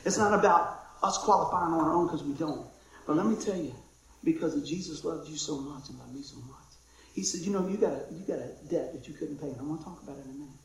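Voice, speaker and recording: A man preaching a conversational sermon, excitable and chatty, dropping to a hush and then shouting with excitement. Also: a little high, fast talker, creaky, slight background noise. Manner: excitable, conversational, swings from loud to hushed. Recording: very echoey room.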